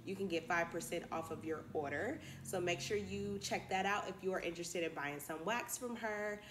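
Casting note: encouraging woman vlogger, slightly low voice, roomy home recording with faint hiss. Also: moderate pace, fairly bright tone. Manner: chatty, encouraging, addresses viewers as y'all. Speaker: candle business YouTuber. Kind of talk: casual vlog talk to camera.

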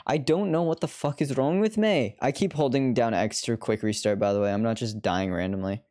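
A woman's voice: very deep voice, fairly quick, warm tone. A woman streamer chatting through live gameplay commentary, laughing often and swearing freely.

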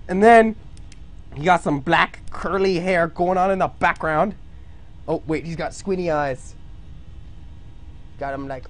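Goofy gravelly live streamer man. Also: fairly high pitch, unhurried, pauses often. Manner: goofy, loud outbursts, self-amused. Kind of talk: casual gameplay stream chatter.

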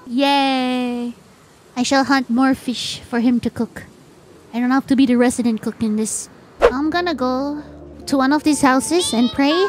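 A woman streamer chatting casually while she plays a game, excitable and quick to gasp and squeal. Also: high voice. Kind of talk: casual gameplay chat. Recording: game music behind.

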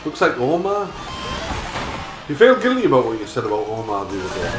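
Drunk man, crude rambling banter, loud game music behind, roomy echo. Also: medium pitch, huge pitch swings, fairly quick. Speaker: gaming video host. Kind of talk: drunken casual chat while gaming.

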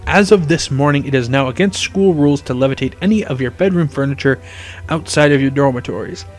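A man voicing an old, wise male headmaster who speaks softly, measured and solemn. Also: medium pitch, natural voice.

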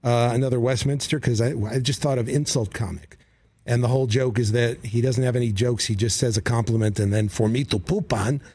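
A man, a comedy writer and guest, telling stories casually in a radio studio, animated, with quick asides and acted-out quotes. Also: mid-range voice, no room sound. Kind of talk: casual interview storytelling.

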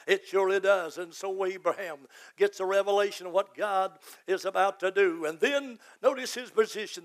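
Older pastor, a man, gravelly voice, fervent sermon that builds to shouting. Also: sits high. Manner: fervent preaching, voice rising to shouts.

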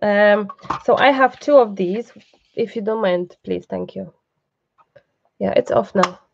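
A woman's voice: mid-range voice, unhurried, creaky, lo-fi sound, slight background noise. A woman hosting a live online craft class, chatty and reassuring, breaking off for asides to the person behind the camera. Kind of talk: live craft tutorial, casual chat.

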